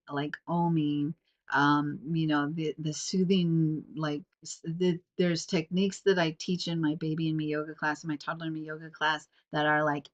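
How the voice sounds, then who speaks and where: A woman's voice: sits low, lo-fi sound. Rambling woman host with a sniffly nose. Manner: rambling, many fillers like "like" and "um". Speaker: podcast host. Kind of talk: casual reflective monologue. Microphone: self-recorded on camera.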